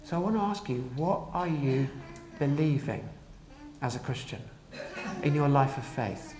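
A preacher delivering a sermon in an earnest, emphatic way, slowing down to stress key declarations. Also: medium pitch, expressive, a little mellow, reverberant, slight background noise.

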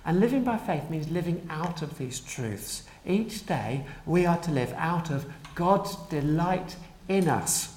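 A preacher delivering a sermon in an earnest, emphatic way, slowing down to stress key declarations. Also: medium pitch, lively intonation, a little mellow, echoey room, slight background noise.

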